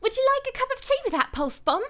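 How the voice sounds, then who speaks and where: A woman voice actor doing a perky, hyper young English video game heroine, forced high and over the top. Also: sing-song, fast talker, sharp tone, exaggerated voice. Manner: much higher than usual, over the top.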